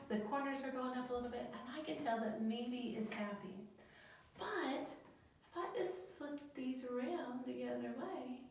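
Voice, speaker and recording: A woman counselor talks slowly and gently to young children, asking them questions and waiting for their replies. Her voice sits a little high and comes from some way off the mic. The room adds heavy echo, with a faint hiss underneath. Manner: slow, gentle, questions the children and leaves pauses for answers. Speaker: elementary school guidance counselor. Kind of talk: video lesson for young children. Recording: very echoey room, voice from a distance, faint noise.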